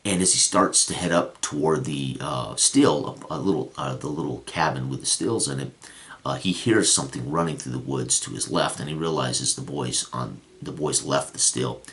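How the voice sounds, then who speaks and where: A man's voice: a bass voice, normal speed, a bit bright. A man acting as game master, recapping a tabletop session in a rambling storytelling manner. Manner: rambling storytelling with frequent restarts.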